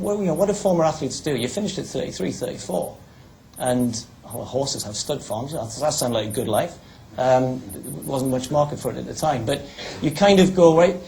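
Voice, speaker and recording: A man's voice: on the high side, a little mellow, rough recording. A middle-aged British man, a former athlete and broadcaster, giving a chatty public talk full of anecdotes. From United Kingdom. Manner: chatty, restarts, tells stories.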